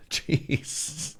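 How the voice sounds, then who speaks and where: A man streaming live, chatting casually with his viewers in a jokey, talkative way and laughing often.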